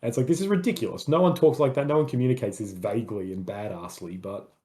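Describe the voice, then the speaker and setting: This film reviewer co-hosts a casual podcast chat, speaking quickly in a mid-range, dark-toned voice. He's enthusiastic and rambling, and "like" comes up constantly.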